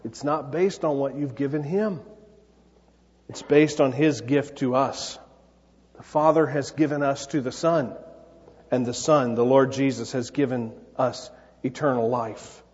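Husky male preacher in a reverberant hall. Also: medium pitch, a little mellow. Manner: earnest, conversational preaching with quick playful asides. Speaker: pastor. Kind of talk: sermon. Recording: dull long-reverb hall sound.

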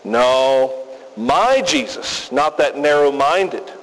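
A man preaching a sermon as pastor, emphatic and deliberate with folksy asides, recorded in a reverberant hall. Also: mid-range voice, animated, fairly bright tone.

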